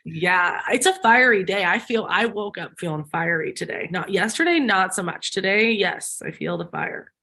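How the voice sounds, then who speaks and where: A woman hosts a relaxed spiritual talk. She chats loosely and thinks out loud, with plenty of fillers and soft giggles. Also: mid-range voice, moderate pace, vocal fry. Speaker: host. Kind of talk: casual spiritual chat.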